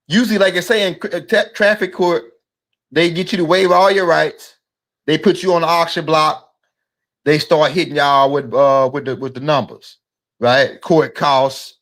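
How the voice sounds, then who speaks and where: A man's voice: sits high, a bit bright. A man hosting his own video channel, delivering a rambling, emphatic monologue and punctuating points with "right?". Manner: rambling, emphatic, repeats himself with frequent "right?". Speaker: video host. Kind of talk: casual monologue to camera.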